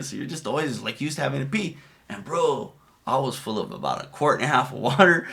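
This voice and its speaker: A man riffing over a video in a bright, forceful voice, swearing freely and wandering off into stories. He laughs his way through the telling, his talk loose and casual. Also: medium pitch, lively intonation, fast talker, gravelly. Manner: profane, laughing, loose storytelling. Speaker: streamer commenting on a video. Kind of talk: casual, rambling commentary.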